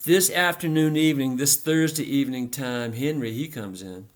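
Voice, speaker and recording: Man telling a story in rhythmic, repeating phrases. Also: mid-range voice. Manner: rhythmic, repetitive, deliberate delivery. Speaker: narrator. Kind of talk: literary storytelling.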